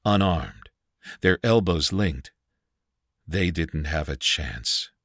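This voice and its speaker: A man narrating a dark folk tale as scripted audiobook narration, dramatic and measured. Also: very deep voice, expressive, dry recording, clean studio sound.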